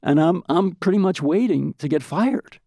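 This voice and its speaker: An older man with a gravelly, fry-laced voice spins anecdotes on a podcast, slipping into the voices of the people he quotes. The sound is dry and close, with no room around it. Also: fairly high pitch, moderate pace, no echo. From United States. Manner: lively storyteller who acts out quoted voices and repeats words. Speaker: podcast guest. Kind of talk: anecdotal storytelling.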